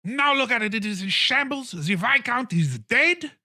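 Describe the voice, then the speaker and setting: High shrill voice, loud and whiny, blustering male mayor, bright tone, as a game master puts him on. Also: expressive, normal speed, heavily acted. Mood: outraged. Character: pompous shrill outraged male town mayor.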